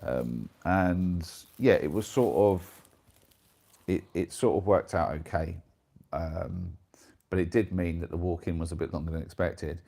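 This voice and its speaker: A man's voice: sits low, a little slow, gravelly, warm tone. A man in his thirties with an English accent, chatting casually with viewers as the host of a live stream, rambling and self-deprecating. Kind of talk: casual chat reading viewer comments.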